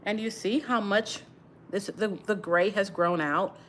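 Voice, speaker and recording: A woman's voice: mid-range voice, unhurried, fairly bright tone. Middle-aged woman from Texas, livestream chat, subdued and sighing, close to tears; faint background noise. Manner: sighing often, subdued and grieving, talks while twisting her braids. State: holding back tears. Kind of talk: casual livestream chat while doing her hair.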